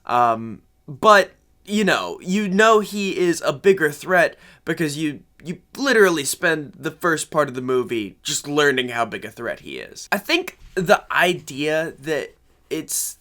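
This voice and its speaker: A man's voice: a little high, lively intonation, unhurried, pushed and bright. A young man thinking aloud at home, giving off-the-cuff commentary that rambles with self-deprecating asides, recorded on a separate microphone. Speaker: commentary host. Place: at home in his room. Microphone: separate microphone synced to camera.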